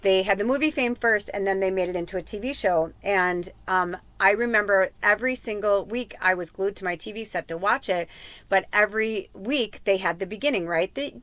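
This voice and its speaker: A middle-aged woman doing a casual pick-a-card tarot reading, wandering off into heartfelt, rambling asides. Her voice sits at an ordinary pitch and is recorded dry, with almost no room sound. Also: brisk, a bit bright, no echo. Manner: rambling, chatty and heartfelt, with many fillers and asides. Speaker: tarot reader and podcast host.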